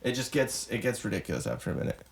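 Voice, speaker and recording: A man's voice: on the low side, big pitch swings, racing, vocal fry, roomy sound, far from the mic. A man co-hosting a podcast, reacting to a clip in a rambling, profane rant full of restarts. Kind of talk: casual reaction chat.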